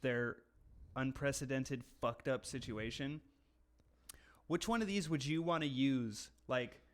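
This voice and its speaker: A man's voice: medium pitch, measured pace. A young American man co-hosting a podcast, joking crudely and reading slang aloud in casual chat. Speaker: podcast co-host.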